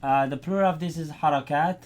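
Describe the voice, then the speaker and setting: A man teaching a Quran class, explaining vowels step by step and checking in with his students. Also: fairly high pitch. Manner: repeats Arabic words slowly and loudly, checks in with "right?". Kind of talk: classroom Arabic lesson.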